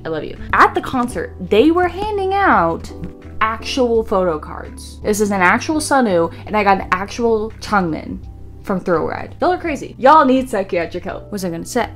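Playful young woman chatting to camera. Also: medium pitch. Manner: playful, goofy, rambling fan chatter with jokey voices. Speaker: art vlogger. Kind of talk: casual chat to camera.

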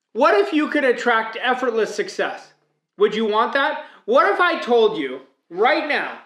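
Emphatic motivational coach, echoey room. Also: male voice, very high voice, a bit bright. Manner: emphatic, preaching, rhetorical questions. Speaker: mindset coach. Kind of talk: motivational speech.

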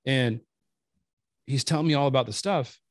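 A man from the United States, a guest chef, telling a story in a lively casual way and repeating words as he goes. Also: mid-range voice, normal speed, no echo, clean studio sound.

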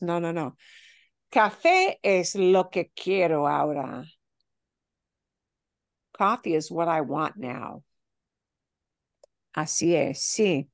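Slow, patient woman teaching a class. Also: fairly low pitch, sing-song, dry recording, clean studio sound. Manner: patient explaining, modeling phrases slowly. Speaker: Spanish teacher. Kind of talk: online language class.

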